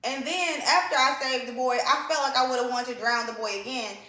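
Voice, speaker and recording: A woman's voice: high voice, steady tone, brisk, bright, forceful tone. A woman giving a casual, opinionated book review, emphatic and repeating points for effect. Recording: echoey room.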